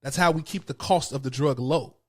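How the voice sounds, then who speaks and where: A man's voice: mid-range voice, brisk. A man hosting his own show, giving a passionate, frustrated political commentary. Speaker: host.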